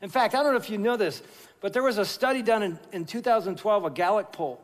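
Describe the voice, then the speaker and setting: A man preaching a sermon as pastor, telling stories in an animated, jokey way and then turning quiet and earnest. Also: high voice, fast talker. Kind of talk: sermon with storytelling. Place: large church sanctuary. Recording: long reverb of a large church hall.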